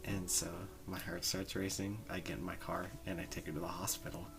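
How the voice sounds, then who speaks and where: A young man co-hosting a podcast, telling a rambling made-up story with lots of fillers and pauses. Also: deep voice, level tone, creaky, faint music behind. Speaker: podcast co-host. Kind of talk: casual improvised storytelling.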